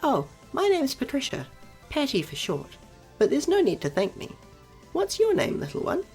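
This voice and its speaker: A woman playing a former streamer, handing out absurd advice in a deadpan, matter-of-fact way in a comedy audio drama. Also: high voice, normal speed, faint music behind, full character voice.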